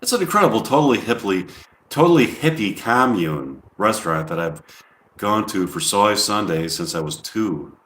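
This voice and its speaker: A man's voice: on the low side, very animated, normal speed, fairly bright tone, reverberant. A man rambling through an improvised comedy monologue, hesitant and full of ums. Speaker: comedian live-streaming.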